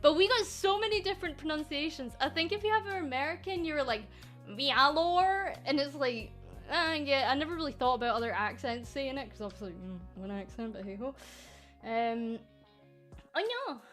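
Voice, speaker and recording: A woman's voice: high voice, animated, fairly quick, fairly bright tone, faint music behind. A woman from Scotland who runs a VTuber agency, talking casually and sarcastically to her viewers and swearing freely. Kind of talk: casual stream chat.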